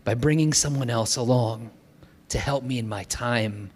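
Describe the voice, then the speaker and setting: A male pastor in his thirties telling a personal story in a sermon, moving from brisk, lively narration to hushed, emotional passages. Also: medium pitch, husky, in a large hall.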